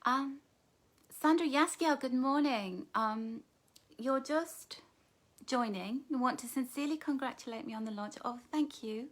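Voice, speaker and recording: A middle-aged woman talks on a live stream, reading out comments and answering them with terms of endearment. Her voice sits a little high for a woman. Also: measured pace. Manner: warm, affectionate, calls viewers darling and my love. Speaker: author hosting a live book launch.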